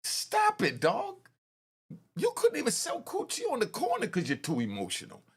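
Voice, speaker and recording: A man's voice: high-pitched, wildly swooping pitch, normal speed, slightly rough. A man hosting a commentary channel, mocking courtroom footage in slangy, scornful street talk. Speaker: host reacting to courtroom footage.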